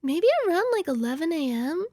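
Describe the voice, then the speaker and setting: A woman streamer chatting casually while playing a game, excitable and rambling, who swings into mock-angry cursing rants. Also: high-pitched, fairly quick, no room sound, studio quality. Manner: rambling, giggly tangents.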